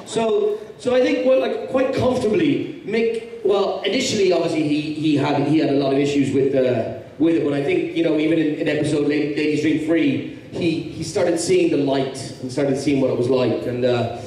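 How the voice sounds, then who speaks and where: Guesting on a convention panel, an Irish actor answers fan questions in a little-high, mellow voice with fairly even intonation, at a moderate pace with few pauses. He rambles, restarts often, and jokes easily, picked up by a far-off mic in a big echoey hall before an audience.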